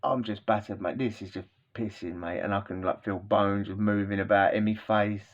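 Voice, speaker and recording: A man's voice: lowish voice, fairly even intonation, normal speed. A man telling a rowdy story in casual chat, rambling with frequent tag questions and laughs. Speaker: podcast host telling a story. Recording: dull lo-fi sound.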